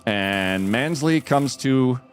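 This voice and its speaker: Male streamer, mid voice, animated storyteller with quick restarts, faint game music behind. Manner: excited retelling, frequent restarts, dramatic jumps in pitch. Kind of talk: animated storytelling while gaming. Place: home.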